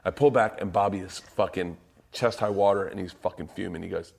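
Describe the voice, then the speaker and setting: A man's voice: low voice, fairly quick, vocal fry. A man from Florida co-hosting a podcast, telling a story in a casual, profane way with a lot of laughing. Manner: animated, profane, laughing often. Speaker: podcast co-host.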